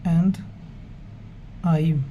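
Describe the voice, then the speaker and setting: A man teaching Hebrew grammar in a slow, measured way, explaining step by step with pauses. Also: on the high side, steady tone, narrow, tinny audio, slight background noise. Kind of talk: slow, methodical grammar lesson.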